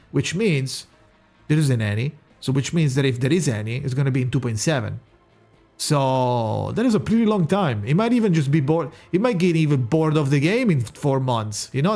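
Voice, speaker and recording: A male streamer with a high-side, darkish voice chats casually to viewers on a live stream. He sounds exasperated, swearing and restarting his sentences.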